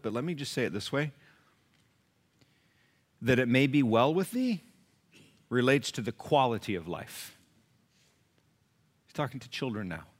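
Brief: male pastor, punchy sermon delivery, loud peaks and hushed asides, church congregation. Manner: emphatic preaching, swings from loud peaks to low asides; repeats phrases for emphasis.

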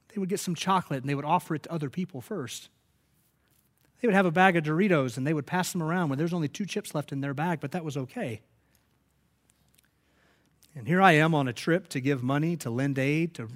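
A man preaching a sermon, telling stories and rising to emphatic peaks. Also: on the high side. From United States. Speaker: pastor.

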